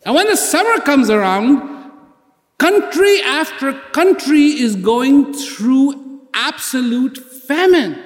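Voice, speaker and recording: A public speaker delivers a motivational speech in an extremely high, expressive voice, speaking slowly in a hall with echoing reverb. He builds his points emphatically through rhetorical questions, repeated key words and acted-out exchanges.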